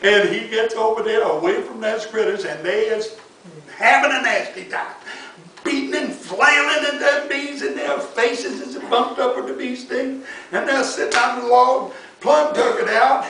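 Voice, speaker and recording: A man's voice: very high-pitched, unhurried, sharp tone, a little hiss or hum. A man telling a folk tale in a folksy, chuckling way. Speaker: storyteller. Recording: echoey room, mic far off.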